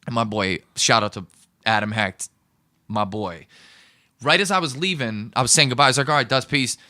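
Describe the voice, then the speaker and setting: A man's voice: mid-range voice, moderate pace, no echo. Male guest in his thirties, dry close recording, tangent-prone raconteur who swears often. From Pittsburgh, USA. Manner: rambling, animated storyteller who swears freely. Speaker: podcast guest, producer and comedian. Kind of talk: casual interview chat.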